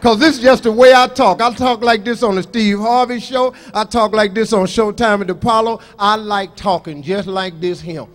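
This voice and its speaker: A man's voice: high-pitched, normal speed, hardly any pauses. A man doing a live stand-up comedy set, brash and profane, boasting and scolding the crowd. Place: live comedy show on stage.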